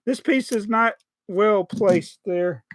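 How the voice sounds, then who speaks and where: A man's voice: high voice, slow pace, slight background noise. A man with a Southern American accent, chatting casually on a live stream as he builds a toy set, joking and reading out viewer comments. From Southern United States.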